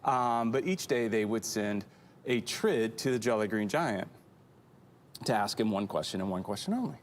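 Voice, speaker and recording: A man's voice: normal speed, slight background noise. A man co-hosting a casual church show, telling a long shaggy-dog joke with lots of animation. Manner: animated storyteller, jumps into high squeaky voices for characters. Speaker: co-host.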